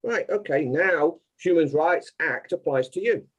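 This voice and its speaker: A man's voice: fairly high pitch, expressive, measured pace, lo-fi sound. A man speaking as an interview guest, explaining insistently and step by step.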